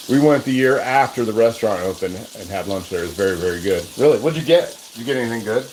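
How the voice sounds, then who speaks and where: A man's voice: on the low side, animated, fast talker, hardly any pauses, a little mellow. A man hosting a cooking livestream, chatting casually in a rambling way while he cooks at the stove and answers viewer comments. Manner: rambling and chatty, with many restarts. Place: home kitchen at the stove. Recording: noisy, with frying sizzle behind. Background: sizzling pan and running water.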